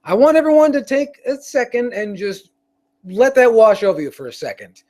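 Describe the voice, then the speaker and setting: Brief: male show host, higher-pitched voice, loose profane rambling rant delivery. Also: expressive, normal speed, a little mellow. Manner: profane, rambling, with frequent restarts. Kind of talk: casual rant on a live stream.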